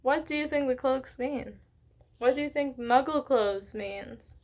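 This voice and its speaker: A woman's voice: high-pitched, unhurried, darkish tone. A woman hosting a read-along, narrating a book and stopping to chat, ask questions and apologize for her slips. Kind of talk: children's book read-aloud.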